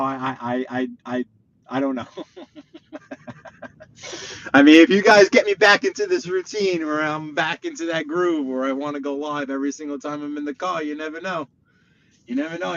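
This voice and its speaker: New guy talking on a live stream while driving, chatty and excitable, a bit higher voice, muffled lo-fi sound. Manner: chatty, excitable, reads viewer comments aloud. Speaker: livestreaming driver. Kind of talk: casual live-stream chat. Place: inside a car while driving. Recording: muffled lo-fi stream audio with faint road noise.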